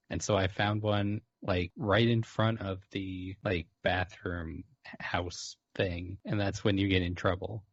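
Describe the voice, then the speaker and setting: A man's voice: low voice, steady tone, measured pace, few pauses, no echo, dull audio. A man co-hosting a casual podcast chat, laid-back and dry in his remarks. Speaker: podcast co-host.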